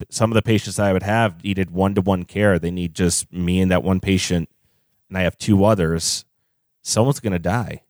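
A man's voice: low-pitched, dry recording, studio quality. A young adult man, a nurse being interviewed, talking frankly with frequent ums and casual swearing. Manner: frank, swears freely, measured pace with filler ums. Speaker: nurse guest.

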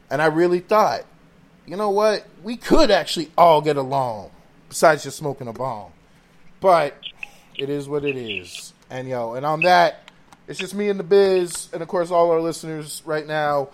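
A man hosting a podcast, telling rambling, profane stories in casual chat. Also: fairly high pitch. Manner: profane, rambling, animated storytelling. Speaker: podcast host.

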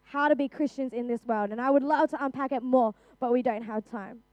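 High-voiced Australian young woman preaching. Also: fairly even intonation, a little fast, dry recording, dull audio. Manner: earnest, conversational, with frequent restarts and "like". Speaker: youth preacher. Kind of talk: sermon.

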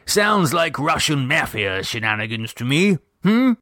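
A man doing a pompous older English gentleman. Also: a little high, big pitch swings, unhurried, no echo, studio quality, voice pushed up, full character voice. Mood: genial gossip. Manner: pompous, old-fashioned turns of phrase.

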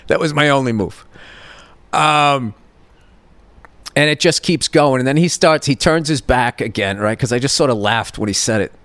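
A man's voice: mid-range voice, moderate pace, fairly bright tone, no echo. A man in his fifties hosting a podcast, telling a rambling, profane comedic story with lots of restarts. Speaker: podcast host.

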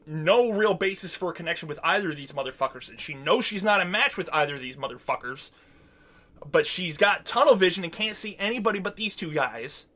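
A man's voice: high-pitched, animated, a little fast, sharp tone. A man co-hosting a podcast, recapping a show in casual, profane, rambling chat and acting out quotes. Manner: rambling, profane, acts out quotes in silly voices. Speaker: podcast co-host.

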